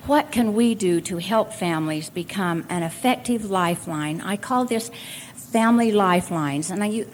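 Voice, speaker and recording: A woman's voice: medium pitch, normal speed, a little hiss or hum. An older woman giving a speech at a convention, telling homely family anecdotes in a folksy storytelling manner. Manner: folksy storytelling with occasional laughs. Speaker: convention speaker. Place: convention hall at a college.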